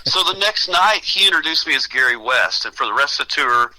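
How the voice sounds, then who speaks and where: Bright-voiced older man telling stories. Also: fairly high pitch, animated, brisk, poor audio. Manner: rambling anecdotal storyteller with restarts and quoted voices. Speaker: singer and guest. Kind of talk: casual interview storytelling.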